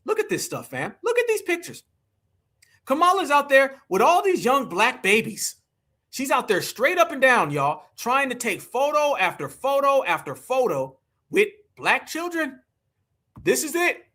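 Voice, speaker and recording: Host, male, high, ringing voice, preachy livestream commentary. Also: wildly swooping pitch, measured pace, bright, forceful tone. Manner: preachy, rallying, talks straight to viewers.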